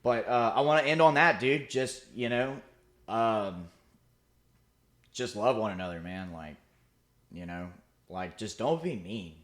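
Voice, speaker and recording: A man's voice: on the low side, unhurried, long pauses, fairly bright tone. A young man co-hosting a podcast, chatting casually in a laid-back, rambling way full of "like" and "dude". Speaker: podcast co-host. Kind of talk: casual chat.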